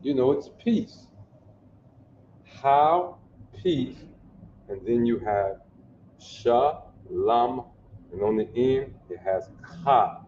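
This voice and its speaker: A man's voice: mid-range voice, lively intonation, a little mellow, a little hiss or hum. A man teaching a language lesson, explaining word by word, repeating himself and often checking that listeners follow. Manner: slow, repetitive, checks understanding often. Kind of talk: classroom lesson. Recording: dull lo-fi audio in an echoey room.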